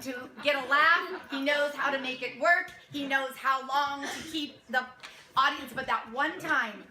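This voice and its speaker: A woman's voice: high-pitched, a little slow, slight background noise. A woman directing a youth theater cast, speaking to them with laughter and acting out their lines. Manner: warm, laughing, acts out lines. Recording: echoey room with a crowd. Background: audience murmur and laughter.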